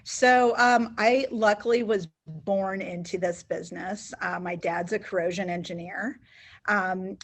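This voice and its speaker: A woman guest on a podcast, answering questions in an articulate, gracious way. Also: medium pitch. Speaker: podcast guest, business owner. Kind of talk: interview answers.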